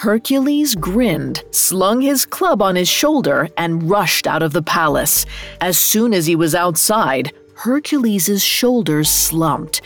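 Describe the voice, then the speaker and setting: A woman narrating a myth in a measured, expressive scripted reading. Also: on the low side, soft background music.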